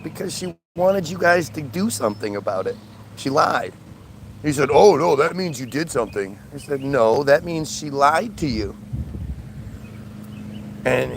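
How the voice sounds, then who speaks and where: A man with a slightly high, gravelly voice tells a rambling story to his live feed, exasperated and acting out the people he quotes. He is outdoors, and traffic hums faintly behind him. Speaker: streamer.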